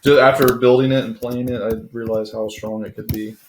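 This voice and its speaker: A man chatting casually while drafting teams for a tabletop game, relaxed and a bit halting. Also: medium pitch, slight background noise, rough recording. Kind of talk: casual chat.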